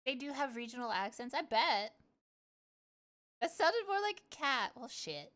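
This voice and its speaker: A woman's voice: high voice, very animated, a little slow, a bit bright. Playful swearing woman streamer. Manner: chatty, playful, swears freely. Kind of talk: casual livestream chat.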